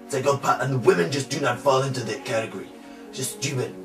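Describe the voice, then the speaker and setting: A man's voice: mid-range voice, fast, natural voice. A man playing a boastful macho rugby player in an improvised comedy monologue, rambling and full of "like" and "you know". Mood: blustering. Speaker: comic character in an amateur trailer. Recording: roomy amateur video from far off with music.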